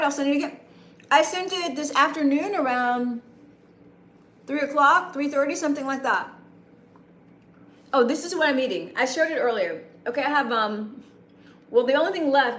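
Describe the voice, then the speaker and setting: A woman streamer with a slightly high, broadcaster-like voice rambles through a casual late-night chat. She greets her viewers by name. Her voice bounces around an echoey room. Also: fairly bright tone. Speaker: live streamer.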